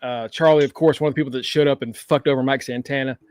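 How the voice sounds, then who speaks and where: A man co-hosting a casual wrestling recap, relaxed and quick to laugh. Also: medium pitch. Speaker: podcast co-host.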